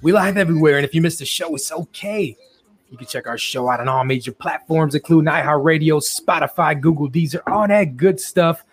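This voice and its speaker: A high-voiced man with a husky edge hosts a casual live show. He talks with hype and laughs often between lines. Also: a little fast. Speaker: host.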